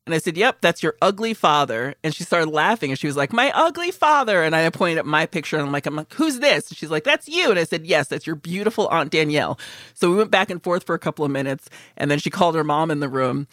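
A woman's voice: deep voice, fast talker, dry recording, clean studio sound. A woman co-hosting a podcast in casual chat, telling stories with lots of acted-out quotes and swearing freely. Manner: animated storyteller, swears freely, acts out quotes. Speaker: podcast co-host.

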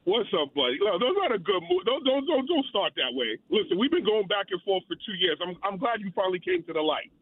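A male caller speaks bluntly and with a lot of animation over a tinny phone line. His voice sits high for a man. The sound is dry, with no room echo. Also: sing-song, brisk, hardly any pauses. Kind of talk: call-in radio chat.

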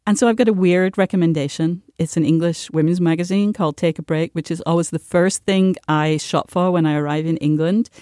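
A woman on a podcast panel, chatting casually with frequent halting restarts. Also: lowish voice, fairly even intonation, warm tone, no echo, clean studio sound. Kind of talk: casual chat.

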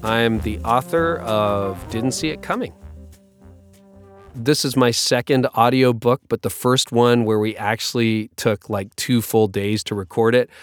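A man's voice: mid-range voice, no room sound. Casting: conversational man, joking at his own expense, dry studio sound. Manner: self-deprecating, joking, conversational. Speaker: pastor and author. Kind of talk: recorded author interview.

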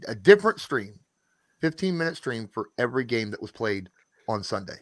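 A man on a podcast telling a story in casual chat, relaxed and halting, often repeating words as he goes. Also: medium pitch, no room sound. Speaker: podcast co-host.

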